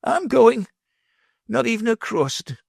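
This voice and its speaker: Man playing a meek old beggar, pleading, raised pitch, slow, dry sound. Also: very animated, gravelly, slightly rough, no room sound, exaggerated voice. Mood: dignified.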